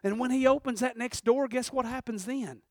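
A man preaching a sermon, fervent and storytelling, swinging from shouted bursts to hushed passages. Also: very high-pitched, moderate pace, no echo, clean studio sound.

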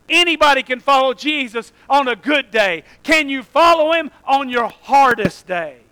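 A man preaching a sermon, swinging between shouted climaxes and hushed, drawn-out emphasis. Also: extremely high pitch, smooth, dry recording, low-quality recording.

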